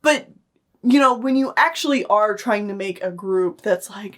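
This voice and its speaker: A woman's voice: medium pitch, animated, measured pace, a bit bright. A woman co-hosting a film review podcast in casual chat, talking loosely with lots of fillers. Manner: chatty, loose, many fillers. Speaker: podcast co-host reviewing films.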